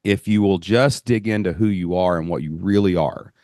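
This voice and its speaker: A man from Southeast Kentucky with a Southern accent, hosting a podcast and telling stories in a folksy, animated way. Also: low-pitched, normal speed, no room sound, clean studio sound. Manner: animated storyteller, folksy phrasing. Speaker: podcast host. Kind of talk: casual interview chat.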